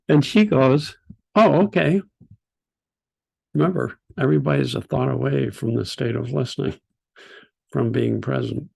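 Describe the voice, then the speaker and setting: An older man speaks with a deeply gravelly, husky voice. He tells stories to a group in a gentle, unhurried way. His pitch sits in the middle. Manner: gentle, unhurried storytelling with soft laughs. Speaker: teacher. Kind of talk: storytelling talk.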